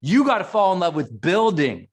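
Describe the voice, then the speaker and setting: A man's voice: high voice, very animated, moderate pace. A middle-aged man from Montana giving an emphatic, emotional motivational speech to a live audience, often restarting his sentences. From Montana, USA. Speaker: keynote speaker.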